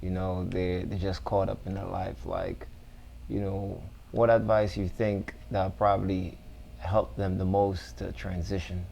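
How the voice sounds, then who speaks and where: Male host with a very low, gravelly voice, asking questions softly and hesitantly. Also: little pitch movement, a little slow, slight background noise. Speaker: interview host.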